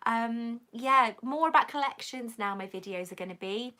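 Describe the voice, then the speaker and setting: A woman's voice: fairly high pitch, expressive, normal speed, pushed and bright. Effusive woman hosting a live Q&A. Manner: effusive, reads viewer comments aloud and gushes back. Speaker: YouTube host answering viewer comments. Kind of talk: casual live-stream Q&A.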